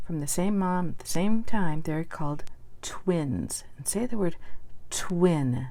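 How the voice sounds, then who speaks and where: A woman's voice: on the low side, slow, warm tone. A woman teaching a spelling lesson, patiently sounding out words letter by letter and asking the listener to repeat them.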